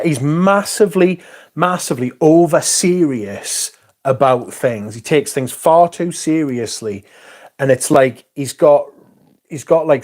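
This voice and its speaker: A man's voice: on the high side, a little mellow. A man hosting a livestream, ranting casually with heavy swearing and rambling asides. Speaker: livestream host.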